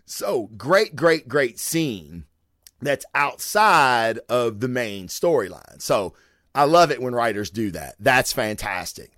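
A man's voice: mid-range voice, big pitch swings, slow, fairly bright tone, no room sound, clean studio sound. A man casually reviewing comic books, cursing freely and rambling with lots of fillers. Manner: profane, chatty, rambling with fillers. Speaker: comic book show host.

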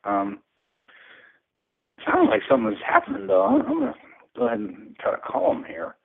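A man with a gravelly, husky voice hosts a live call-in show. He talks in a rambling, hesitant way and swears freely. His pitch swings widely, and the sound is thin and tinny, as if heard over a phone line. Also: wildly swooping pitch, normal speed.

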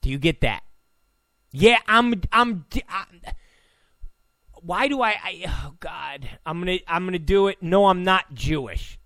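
A man with a gravelly voice hosts a talk show, ranting in disbelief with heavy sarcasm. His pitch swings widely as he repeats his points and bursts into shouts. The recording is close and dry. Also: lively intonation, unhurried, long pauses, dry recording. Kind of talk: ranting commentary. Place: Los Angeles.

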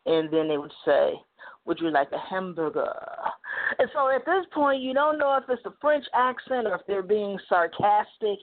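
A woman's voice: fairly high pitch, lively intonation, normal speed, hardly any pauses. Midwest-raised woman hosting a call-in talk show; rambling, filler-heavy storyteller; thin phone-quality audio. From Midwest United States. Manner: chatty, digressive, many "you know" fillers. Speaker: talk radio host. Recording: phone-like narrow band.

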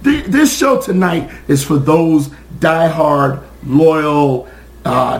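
A man hosting a sports podcast, hoarse from screaming, ranting in a fired-up, profane way with many fillers. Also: a little high, animated, takes it slowly, echoey room, poor audio. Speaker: podcast host.

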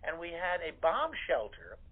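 A man's voice: on the high side, huge pitch swings, moderate pace, husky. An older man, a guest actor, telling rambling anecdotes in a casual interview, with many fillers. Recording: tinny phone line.

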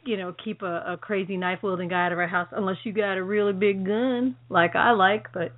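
An excitable, chatty woman co-hosts a call-in radio show and laughs easily as she talks. Her voice comes through a narrow, phone-like line that strips away the lows and highs. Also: fairly quick. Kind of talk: casual chat. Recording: phone-like band-limited audio.

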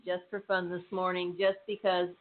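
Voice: mid-range voice, monotone, normal speed. A radio show host talking in a chatty, rambling way and laughing easily. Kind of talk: casual radio chat. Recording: phone-like sound with faint hiss.

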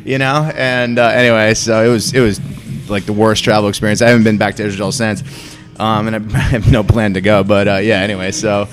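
A man's voice: on the low side, level tone, a little fast, faint music behind. A man guesting on a podcast in a bar, telling stories in a laid-back, profane way. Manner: laid-back storyteller, swears freely. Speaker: guest, travel expert. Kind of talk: casual chat. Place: bar, next to restroom.

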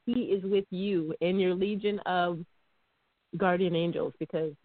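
A woman's voice: lowish voice, steady tone, unhurried, no room sound. A woman co-hosting a casual radio chat show, upbeat and teasing, laughing often. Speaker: podcast co-host. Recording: tinny phone line, dry.

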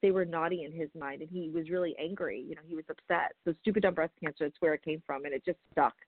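A woman's voice: deep voice, steady tone, fast talker, no room sound. A woman in her forties, a guest advocate, telling her story frankly and with animation in a podcast interview. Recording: phone-line audio.

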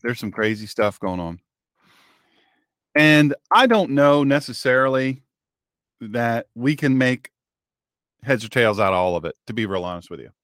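A man's voice: mid-range voice, lively intonation, normal speed, pauses often, fairly bright tone, no echo, clean studio sound. A male radio show host and pastor, talking in a folksy, sarcastic monologue with a joking mock-drawl.

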